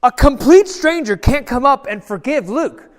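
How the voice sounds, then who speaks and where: A male pastor telling a Bible story to children in a playful, animated way, asking the kids questions and acting out voices. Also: extremely high pitch, normal speed. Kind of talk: lively children's sermon with audience participation. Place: large church hall. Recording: long church hall reverb.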